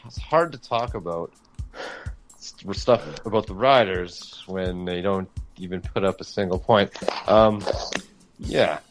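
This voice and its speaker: A man's voice: sits low, a little slow, over music. A man co-hosting a casual podcast, musing aloud and asking questions. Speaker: podcast co-host.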